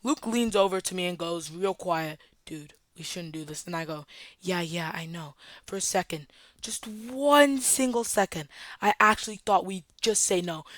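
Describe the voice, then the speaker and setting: A young adult vlogger telling a storytime tale in a casual, dramatic, animated way. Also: medium pitch, no echo.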